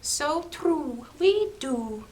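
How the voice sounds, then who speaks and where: A woman voicing a gentle, peace-keeping dove in a storybook, who speaks softly and soothingly. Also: high-pitched, big pitch swings, extremely slow, voice pushed up, heavily acted, poor audio.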